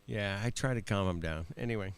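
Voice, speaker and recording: Chill guy hosting a stream, low gravelly voice but smooth, keeps laughing and saying man, bro. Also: fairly quick. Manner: laid-back, laughs often, swears, says man and bro. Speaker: livestream host. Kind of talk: casual chat.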